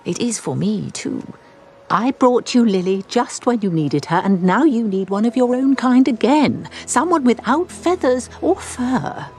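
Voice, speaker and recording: A gentle, wise parrot. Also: female voice, fairly high pitch, expressive, unhurried, slight background noise. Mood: coaxing. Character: wise caring female parrot, the doctor's conscience. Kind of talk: film dialogue.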